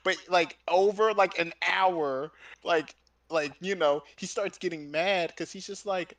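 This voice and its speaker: High-voiced man in rambling chat. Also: measured pace. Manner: rambling, profane, animated storytelling. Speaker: streamer. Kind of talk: casual chat while streaming.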